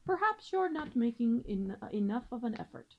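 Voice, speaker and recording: A woman's voice: a little high, very animated, normal speed, creaky, lo-fi sound, heavily acted. A woman reading aloud and voicing a pompous, long-winded male father swan who lectures formally. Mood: insistent.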